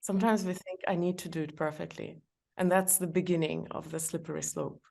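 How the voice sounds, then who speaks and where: A middle-aged woman, a guest on a podcast, who gives practical advice in a warm, chatty way and laughs often. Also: low voice, fairly even intonation, brisk, vocal fry. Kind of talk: podcast conversation.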